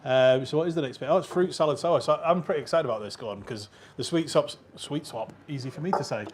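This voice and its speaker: A man's voice: on the high side, quick pace. Male brewery co-host, hesitant and casual, with faint room noise behind him. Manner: hesitant, lots of fillers and restarts. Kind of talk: casual live stream chat. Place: brewery taproom.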